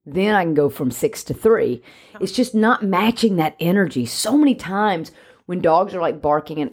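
Low-voiced woman explaining dog training. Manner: explains by steady examples, talkative. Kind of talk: casual podcast chat.

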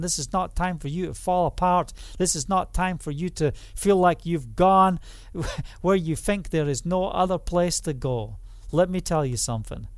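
A man preaching a sermon, emphatic and repetitive, who builds up to loud exclamations. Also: on the high side, no room sound.

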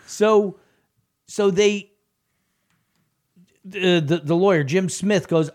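A man's voice: high-pitched, slow, long pauses. A man co-hosting a local news podcast, telling stories in casual banter and acting out the people in them. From United States. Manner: animated storyteller, acts out courtroom quotes.

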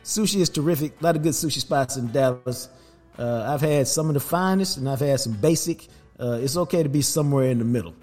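An older man, hosting a podcast and telling a family story in a casual, animated way. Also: medium pitch, fast, soft background music. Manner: animated, acts out voices in anecdotes. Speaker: podcast host.

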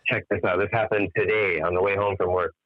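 A man with a very low voice tells a rambling, profane story over the phone, switching into the voices of the people in it. He sounds worn out from a sleepless night. The line is tinny and dry, with no room around it. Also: fast talker, no echo. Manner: animated storyteller, swears freely, acts out quoted dialogue. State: tired after staying up all night. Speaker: musician guest. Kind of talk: casual phone interview storytelling.

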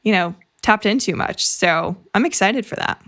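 A woman's voice: medium pitch, moderate pace, a bit bright. Young woman podcast host, upbeat and chatty. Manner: upbeat, enthusiastic. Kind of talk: casual podcast chat.

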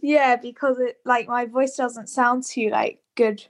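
A British teenage girl co-hosts a podcast and chats in a giggly, hesitant way. Her voice is high-pitched, and she speaks slowly. She often pauses to think. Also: steady tone. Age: teens. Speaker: podcast co-host. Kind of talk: casual chat.

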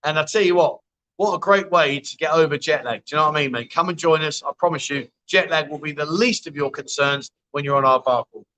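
A chatty man hosts a casual livestream from inside a bar, reading viewer comments aloud and calling everyone mate. His voice is bright and forward, pitched a little above the usual for a man. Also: brisk, low-quality recording. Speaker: livestream host. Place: bar, indoors.

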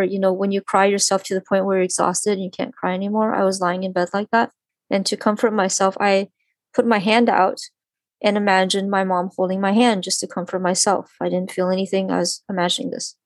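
A woman tells a personal story in an animated, conversational way, peppering it with "like" and acting out quotes. Her voice sits in a middle range. The recording is dry and close, with almost no room sound. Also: mid-range voice, brisk, dry recording. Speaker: guest.

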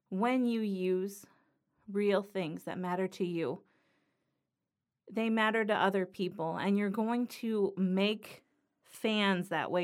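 A woman hosting a podcast, talking earnestly and reflectively in a solo monologue about writing from the heart. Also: mid-range voice. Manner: earnest, reflective, slow and thoughtful. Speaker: podcast host.

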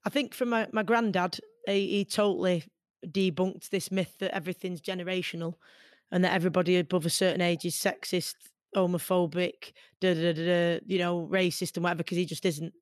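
A woman in her forties with a Mancunian accent, from Manchester, talking as an interview guest in an earnest, animated way. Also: fairly low pitch, fairly quick, no room sound, clean studio sound. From Manchester, England. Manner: earnest and animated, many fillers. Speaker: guest, boxer. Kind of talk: conversational interview.

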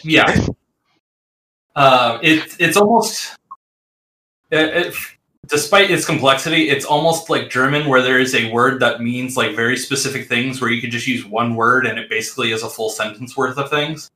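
A man's voice: mid-range voice, moderate pace, sharp tone. A man narrating as game master of a tabletop game, describing scenes with frequent fillers and restarts. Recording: roomy echo.

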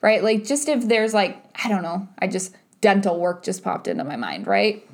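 A woman's voice: mid-range voice, big pitch swings, normal speed. A woman co-hosting a casual couples podcast, talking animatedly and filling her sentences with "like" and "right?". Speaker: podcast co-host.

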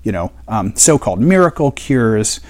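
A man's voice: lowish voice, sing-song, normal speed. A man teaching a Bible study in a conversational way, explaining and asking rhetorical questions.

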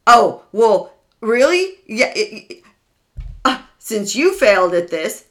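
A woman's voice: fairly high pitch, big pitch swings, slow pace. A woman putting on a scornful guilt-tripping abuser. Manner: reproachful, scolding.

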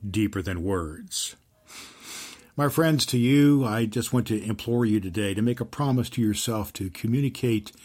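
Male podcast host, low voice, earnest storytelling teacher who leans on slow emphatic phrases. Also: darkish tone.

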